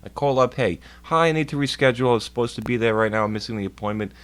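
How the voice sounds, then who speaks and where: This man talks very fast in a clear, resonant, medium-pitched voice, streaming from home through a laptop mic. His casual, profanity-laced story meanders, and he mimics the voices of everyone he quotes.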